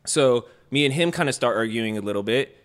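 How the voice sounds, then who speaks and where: Animated young man telling a party story. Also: mid-range voice, a little fast, clear, resonant tone. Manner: animated, acts out quotes loudly. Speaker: co-host. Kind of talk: casual storytelling chat.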